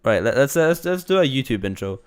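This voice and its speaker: A man's voice: medium pitch, sing-song, fast talker. A man with a slight cold, chatting casually as a streamer reacting to videos, rambling with lots of restarts and laughs. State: a bit congested from a cold. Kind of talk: casual live-stream commentary.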